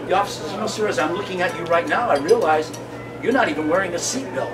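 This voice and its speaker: A man doing stand-up comedy at a lunch event, telling folksy jokes loudly with punchlines. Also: fairly high pitch, quick pace, over music. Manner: loud, folksy, punchline-driven. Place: banquet room during a lunch. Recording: distant mic with loud room noise and clinking dishes.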